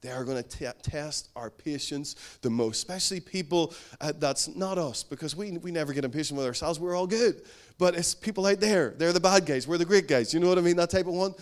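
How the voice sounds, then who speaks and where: A middle-aged man preaching a sermon in an earnest tone, his voice sitting a little higher than most men's. He builds to emphatic bursts, then drops low and slows down to let a point land. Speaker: pastor.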